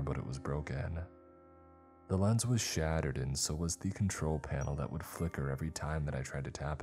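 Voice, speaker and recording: A man narrating a first-person horror story in steady storytelling, growing tense at the scary moments. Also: extremely low pitch, a little hiss or hum.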